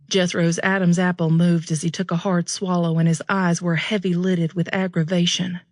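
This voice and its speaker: A woman narrating a romance audiobook in steady first person. Her voice sits on the low side. The close mic sound is dry with no room. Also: moderate pace, few pauses, dry recording.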